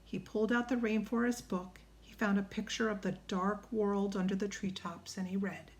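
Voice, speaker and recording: A woman reading a children's storybook aloud, hushed in quiet passages. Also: mid-range voice, fairly even intonation, normal speed, few pauses. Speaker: audiobook narrator.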